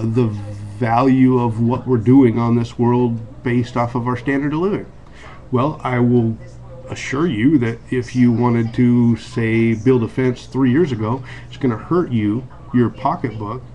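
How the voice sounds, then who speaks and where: A man's voice: mid-range voice, a little mellow, highs cut off. Earnest man with restarts and ums. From United States. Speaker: video blogger. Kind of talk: casual monologue to camera.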